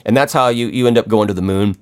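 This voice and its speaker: A man's voice: on the low side, fast talker, a little mellow, smooth. A man ranting in a profane, sarcastic way, rambling with restarts as he talks through his gripes. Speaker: podcast ranter. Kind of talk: profane comedic rant.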